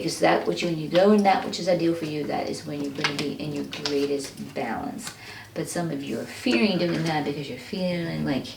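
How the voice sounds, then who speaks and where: Low-voiced woman reading tarot. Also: far from the mic. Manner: earnest, encouraging, speaks straight to the listener. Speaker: tarot reader. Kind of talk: pick-a-card tarot reading to viewers. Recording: echoey room, mic set back, faint noise.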